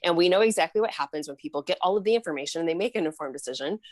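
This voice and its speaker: A woman's voice: lowish voice, lively intonation, very fast, no room sound. A woman hosting a podcast interview, from Michigan, chatty and affirming. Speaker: podcast host.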